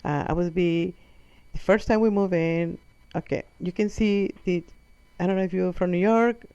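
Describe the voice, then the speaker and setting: Her lowish, dark, smooth voice holds a steady tone and moderate pace as this woman with a non-native English accent tells a rambling comic story, fixing her own words and impersonating her mother. It's a comic monologue by a comedic storyteller. The muffled lo-fi audio has no echo.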